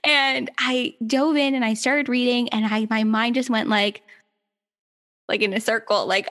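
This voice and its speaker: Woman podcast host, slightly high voice, upbeat and chatty. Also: steady tone, unhurried, fairly bright tone. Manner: upbeat, laughs often, chatty. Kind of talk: casual podcast chat.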